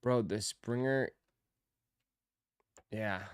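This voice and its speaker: A man's voice: fairly low pitch, extremely slow, clear, resonant tone, dry recording, studio quality. Laid-back slangy man chatting to viewers. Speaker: sneaker live stream host. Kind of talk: casual live stream chat.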